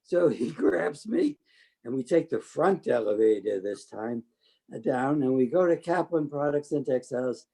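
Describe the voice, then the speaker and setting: An older man telling stories from his working life, talkative and quick to act out what others said. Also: mid-range voice, vocal fry, husky, low-quality recording. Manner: talkative, animated quoting of others. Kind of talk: storytelling oral history.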